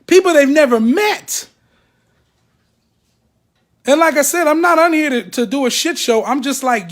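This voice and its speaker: In an unhurried delivery with frequent pauses, an ex-member with a very high-pitched voice addresses the camera. He is blunt to the point of profanity, emotional, and animated as he imitates the people he mentions.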